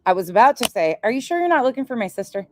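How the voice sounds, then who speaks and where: A woman's voice: fairly high pitch, very animated, very fast, slight background noise. A woman hosting a casual livestream, brash and sarcastic, swearing often and laughing at her own stories. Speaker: streamer host. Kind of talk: casual profane livestream chat.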